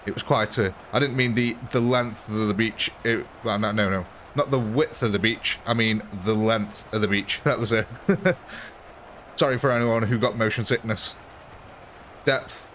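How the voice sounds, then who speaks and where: A man's voice: lowish voice, normal speed, a bit bright, slight background noise. Chatty man streaming a game. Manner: chatty, amused, thanks viewers and answers chat. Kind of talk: live gameplay commentary.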